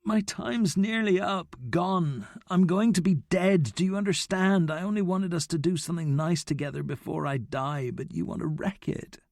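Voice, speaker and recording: A man's voice: sits high, normal speed, gravelly, few pauses, darkish tone, no room sound, studio quality, pitched above the performer's own voice. A man voicing a reckless young boy who taunts and begs his best friend in an audiobook. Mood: bitter. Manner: eager, taunting.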